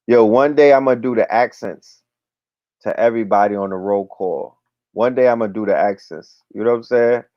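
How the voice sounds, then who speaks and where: A man's voice: on the low side, no echo. A man hosts a casual livestream, talking in a loose, slangy way. He keeps circling back to "you know what I'm talking about." The sound is dry and slightly muffled, with the dull edge of lo-fi stream audio. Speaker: livestream show host. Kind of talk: casual livestream chat with viewer shout-outs.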